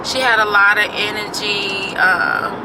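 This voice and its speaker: A woman's voice: medium pitch, steady tone, a little slow. Candid woman vlogging over road noise. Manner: candid, profane storytelling. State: sore throat. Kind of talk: casual confessional vlog.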